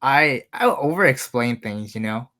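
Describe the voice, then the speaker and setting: Bright-voiced young man, rambling and hesitant. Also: mid-range voice, animated, measured pace. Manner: hesitant, rambling, says dude often. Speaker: podcast co-host. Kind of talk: casual chat.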